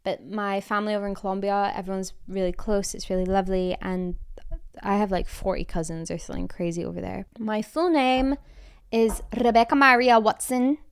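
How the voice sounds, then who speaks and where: A woman's voice: medium pitch, clean tone. A woman in her twenties, hosting her podcast in a chatty, candid way with a mild Scottish accent tinged with American, often laughing. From Scotland. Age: 20s. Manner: chatty, lots of likes, quick laughs. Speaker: podcast host. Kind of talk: casual chat.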